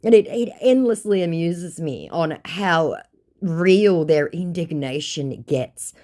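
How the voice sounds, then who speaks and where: A woman's voice: on the low side, takes it slowly, mellow. A woman narrating chat screenshots from a scam-baiting exchange, speaking in a mocking, amused way. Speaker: scam-baiting video creator.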